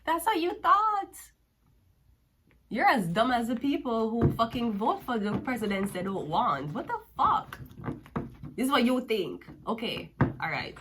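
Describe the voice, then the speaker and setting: Giving a tarot reading in a Jamaican accent, a woman speaks at a moderate pace in a somewhat high, animated, slightly bright voice. She's profane, mocking, and sassy, laughing often as she curses at her listener. A little hiss or hum runs through the recording.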